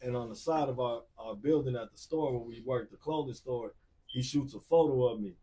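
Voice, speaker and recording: Animated storytelling man, distant mic. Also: mid-range voice, a little fast, slight background noise. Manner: animated, acts out voices of people in his stories. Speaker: R&B singer, podcast guest. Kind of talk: casual storytelling.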